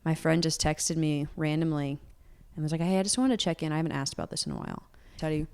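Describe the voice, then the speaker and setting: A woman's voice: deep voice, lively intonation, quick pace, a little mellow, clear, resonant tone. A young woman singer-songwriter talking openly in an interview, earnest and candid, peppering her speech with "like.". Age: young adult. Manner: earnest, open, heavy use of "like".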